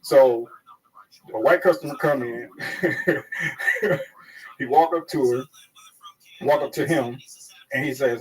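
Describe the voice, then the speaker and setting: A man telling a story in easy, crude, animated talk, acting out other people's lines as he goes. His voice sits in the middle range. It is picked up from a distance, so it sounds removed from the mic. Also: medium pitch, moderate pace. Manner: animated, crude, acts out quotes. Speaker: comedian. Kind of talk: casual storytelling.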